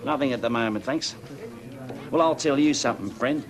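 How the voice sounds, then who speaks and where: A man's voice: mid-range voice, normal speed, natural voice. An actor playing a blunt, goading male pub local in the country, with an Australian accent. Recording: pub crowd chatter behind. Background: bar crowd murmur.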